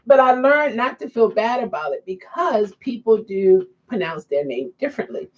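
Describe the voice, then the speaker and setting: A woman's voice: a little high, animated, highs cut off. A woman vlogger chatting casually to her viewers, breaking into frequent fits of giggling laughter. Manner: laughs often, giggling fits, slow and drawn-out. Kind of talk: casual chat to camera.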